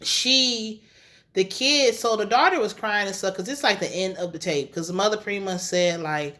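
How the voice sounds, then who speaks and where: A woman recapping a TV episode in a casual, slangy, chatty way, getting animated and emotional as she retells scenes. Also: medium pitch, normal speed. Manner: casual slangy speech with swearing. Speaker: TV recap reviewer.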